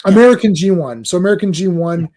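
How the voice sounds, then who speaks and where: Brief: male host, a little high-pitched, mellow tone, casual rambling review, lots of ums and restarts. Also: animated. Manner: halting, many restarts and filler ums. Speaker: podcast host. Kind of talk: casual chat reviewing a cartoon.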